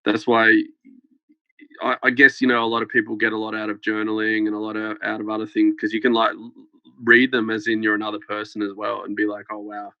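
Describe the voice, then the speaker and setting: A man's voice: lowish voice, completely flat delivery, fairly quick, dry recording. A young man telling a story as a podcast guest, rambling with lots of fillers and light laughter. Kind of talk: casual storytelling. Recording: dull lo-fi podcast sound.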